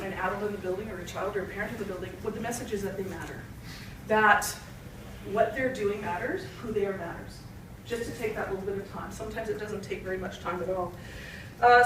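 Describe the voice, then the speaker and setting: A woman's voice: mid-range voice, a bit bright, a little hiss or hum. A woman speaking to a retreat audience in a conversational, joke-telling way. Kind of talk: talk to an audience. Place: retreat hall. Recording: echoey hall, distant mic.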